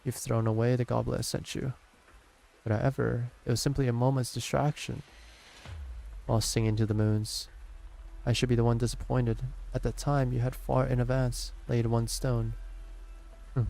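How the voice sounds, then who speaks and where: A man streaming himself as he reads a game's story dialogue aloud, deliberately, often stumbling and restarting on words. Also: mid-range voice, flat delivery, creaky, warm tone. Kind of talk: dramatic reading of game dialogue.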